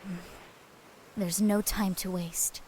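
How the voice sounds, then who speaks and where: An actress voicing a calm, selfless young female apothecary in a video game, composed and earnest. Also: mid-range voice, takes it slowly, slight background noise, lightly acted, rough recording. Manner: composed, earnest, soft-spoken.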